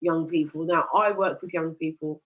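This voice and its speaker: A woman's voice: deep voice, moderate pace, dull audio. A woman hosts a casual chat show. She tells stories with lots of life and breaks into laughter often. Her tone is easy and conversational. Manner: lively storyteller, laughs often. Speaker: host.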